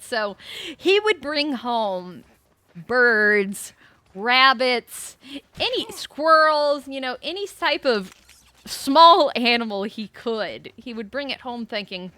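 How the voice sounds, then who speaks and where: Woman, game streamer, rambling animated chatter, swears at the game, bright tense tone, very dry close sound. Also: sits high, measured pace, no echo. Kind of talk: casual gameplay chat.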